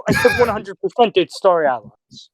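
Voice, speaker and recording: A young man co-hosting a podcast, chatting casually in a quick, excitable, jokey way. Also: sits high, a crowd in the background, rough recording. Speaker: podcast co-host. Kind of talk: casual chat.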